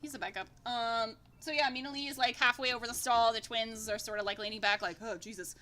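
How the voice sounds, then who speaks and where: A woman's voice: a little high, steady tone, fast, sharp tone, slight background noise. A woman narrating a tabletop game as game master in a casual, rambling way, swearing freely.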